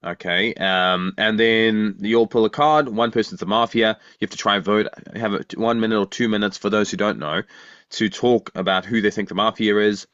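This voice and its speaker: A man with a low-pitched voice talks casually as a podcast co-host, often restarting his sentences and throwing questions back. The sound is a bit muffled and lo-fi, with very little room around it. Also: fairly even intonation, moderate pace, fairly bright tone, dry recording. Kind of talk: casual chat.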